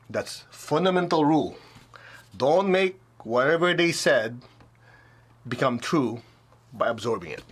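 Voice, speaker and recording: A man speaking as a spiritual teacher to a gathered audience, casual and blunt in his wording. His voice sits at an ordinary middle pitch, and he slips into the voices of people he quotes. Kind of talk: informal spiritual talk to an audience.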